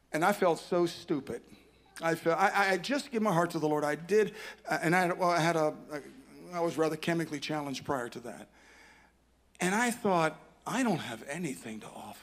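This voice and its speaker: An older man speaking at a conference, telling a personal story as a sermon, rambling and self-deprecating with many restarts. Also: fairly high pitch.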